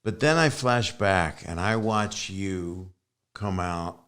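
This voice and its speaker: A man's voice: low voice, takes it slowly, a bit bright, clean tone. A man in his sixties hosting a podcast, asking rambling, enthusiastic questions in casual chat. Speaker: podcast host.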